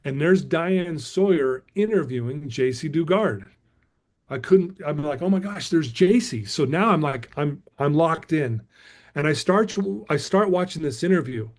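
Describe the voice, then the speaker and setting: A man's voice: fairly high pitch, lively intonation, unhurried. A middle-aged man, a guest speaker, telling a motivational story emphatically and calling his listeners "guys".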